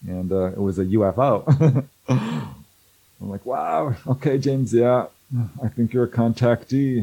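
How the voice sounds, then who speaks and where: Slow and gravelly, with a dark, breathy mid-range voice, a guest researcher of contact stories tells a casual story, acting out quoted voices and laughing often. The recording is of low quality.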